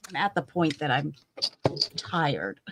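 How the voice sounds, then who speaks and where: A woman's voice: sits low, very animated, takes it slowly, breathy edge, dry recording. A woman co-hosting a casual crafting livestream, chatting and reading out viewer comments. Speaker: crafting co-host.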